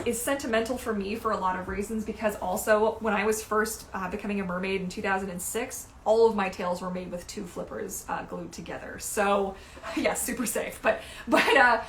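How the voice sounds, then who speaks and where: A woman in her thirties chatting casually as a mermaid vlogger, animated and gushing, swearing casually now and then. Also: mid-range voice, moderate pace, reverberant, slight background noise. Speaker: mermaid vlogger reviewing gear. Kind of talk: casual livestream chat.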